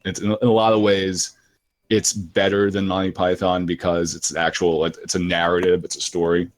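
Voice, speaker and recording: Deep voiced guy on a stream, kinda stammery, keeps repeating words. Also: little pitch movement, fairly quick. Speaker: live stream co-host. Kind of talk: casual chat.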